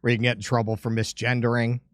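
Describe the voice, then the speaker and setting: A man co-hosting a casual podcast chat, putting in short remarks and dry deadpan jokes. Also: mid-range voice, fast talker, dry recording.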